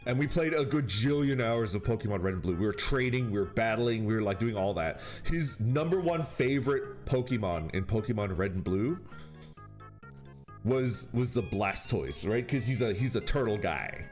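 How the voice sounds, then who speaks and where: Lively, laughing male streamer. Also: on the low side, normal speed. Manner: laughs often, rambling and animated. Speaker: streamer chatting with viewers. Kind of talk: casual rambling storytelling. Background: faint background music.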